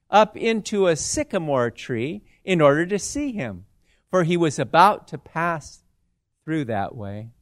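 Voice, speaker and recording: Slow male scripture reader, dry sound. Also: high-pitched, no room sound. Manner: measured, formal reading. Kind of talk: scripture reading.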